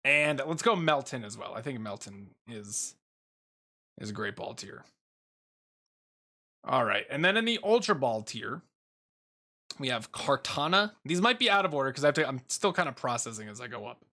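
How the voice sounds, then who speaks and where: Bright-voiced young man rambling casually. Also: mid-range voice, sing-song, moderate pace, pauses often. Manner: rambling, swears casually, frequent ums and uhs. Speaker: YouTuber ranking Pokemon. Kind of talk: casual commentary while making a tier list.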